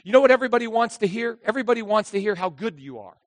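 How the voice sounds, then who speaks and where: Pastor, male, high voice, animated sermon delivery, dry close mic with a long hall tail. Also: rapid-fire. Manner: animated, acts out voices of characters.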